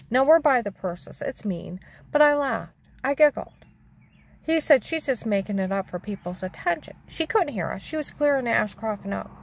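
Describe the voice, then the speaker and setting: An older woman telling a rambling, aggrieved personal story, repeating herself and acting out what others said, her voice gravelly. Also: medium pitch. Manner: chatty, aggrieved, repeats herself, acts out quotes.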